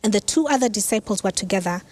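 A woman pastor preaching a sermon who tells the story in a lively, conversational way with casual asides. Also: mid-range voice, fast, dry recording. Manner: animated storytelling, acts out quoted lines.

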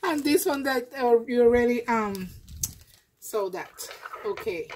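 Slow, gushing craft vlogger woman. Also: on the high side, expressive, noisy background. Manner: gushing and effusive, halting with many restarts. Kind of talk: casual happy-mail unboxing.

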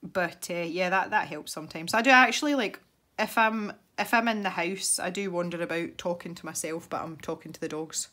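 A woman's voice: lowish voice, a little fast, sharp tone. A Scottish woman chatting casually as she paints, thinking aloud and wandering into rambling asides. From Scotland. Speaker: art channel host. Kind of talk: casual chat while painting.

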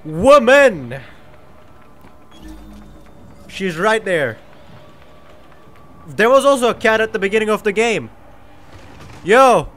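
A man's voice: high-pitched, animated, unhurried, long pauses, fairly bright tone, faint music behind. A man who has a cold, giving live gameplay commentary in a giddy, joking way and swearing often. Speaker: streamer.

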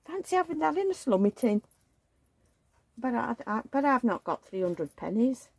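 Woman vlogger, gravelly and husky, baby-talk cooing with chatty asides. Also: a little high, big pitch swings, normal speed, no echo. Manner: coos and baby-talks, chatty gossiping asides. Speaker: reborn doll vlogger. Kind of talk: casual chat while dressing a doll.

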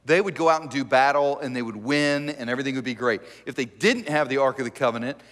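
A man preaching as a pastor, telling the story in a joking, animated, conversational way. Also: medium pitch, fast talker, long reverb tail. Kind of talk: conversational sermon. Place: church sanctuary.

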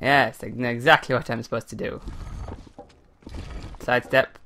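A man's voice: mid-range voice, fairly even intonation, moderate pace, gravelly, pushed and bright, no echo, studio quality. A young man doing joking, self-mocking commentary over a game he is playing, laughing often. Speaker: let's play gamer.

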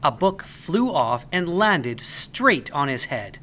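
A man reading a children's story aloud as the storyteller, with an expressive, animated delivery. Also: a little high, slow pace, a little hiss or hum.

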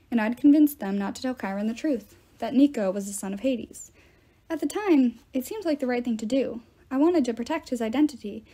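Mellow woman reading a novel aloud. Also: a little high. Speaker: reader.

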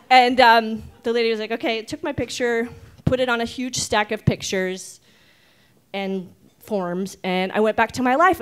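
Chatty woman in her forties telling a story. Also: fairly high pitch. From Oregon, United States. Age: 40s. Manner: chatty and self-mocking, many ums. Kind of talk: live personal storytelling to an audience. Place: stage at a live storytelling event.

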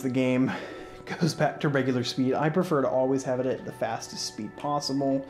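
A man hosting a casual let's-play, talking through his moves in a relaxed, rambling way with lots of fillers and restarts, yawning and sleepy. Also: medium pitch, normal speed. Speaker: gaming channel host. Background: faint game music.

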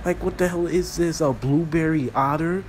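A man's voice: fairly high pitch, normal speed, darkish tone, slight background noise. A young man doing a profane comedic roast of cartoon characters, crude and mocking. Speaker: roast video host.

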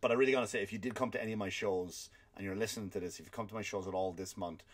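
A man with an Irish accent, a comedian hosting a podcast, telling stories in an animated, swear-filled rant. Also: lowish voice, very fast. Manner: animated storytelling with frequent swearing. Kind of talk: ranting comedic monologue.

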